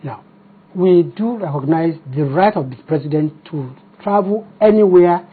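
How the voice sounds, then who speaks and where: A Nigerian-accented man answers a TV interviewer as party spokesman. His voice is husky and sits a little high. He argues combatively and fires off rhetorical questions, heard through thin, phone-like broadcast audio. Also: animated, moderate pace.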